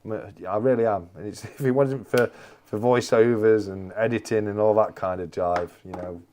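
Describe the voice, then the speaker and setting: A man's voice: fairly low pitch, steady tone, normal speed, a little mellow, slight background noise. A man hosting a casual live chat, answering viewers and repeating his phrases with plenty of "mate.". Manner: chatty, repeats phrases, calls everyone mate. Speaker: livestream host.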